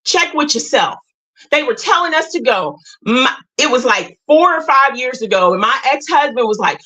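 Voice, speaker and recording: A woman with a high, sharp voice talks straight to her livestream viewers. She is emphatic and blunt, with a preachy edge as she lays out her spiritual views. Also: expressive, normal speed, poor audio. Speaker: livestream host. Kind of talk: impassioned spiritual talk to viewers.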